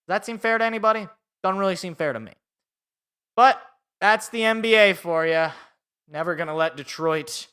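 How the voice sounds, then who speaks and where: A man's voice: a little high, pushed and bright, smooth. A young man hosting a live sports podcast alone, ranting in an exasperated, sarcastic way.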